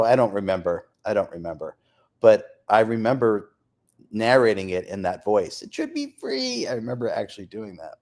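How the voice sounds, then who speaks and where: A man hosting a live stream, chatting casually and reading viewer comments aloud, laughing often. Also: medium pitch. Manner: lively, reads off places and names, laughs often.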